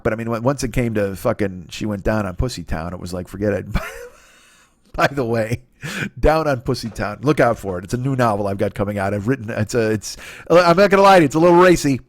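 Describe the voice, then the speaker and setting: Man, 40s, comedy podcast host, crude rambling monologue, fast talker, dry close sound. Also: medium pitch, no echo. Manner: rambling, crude, self-interrupting, acts out quick voices. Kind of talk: solo comic monologue.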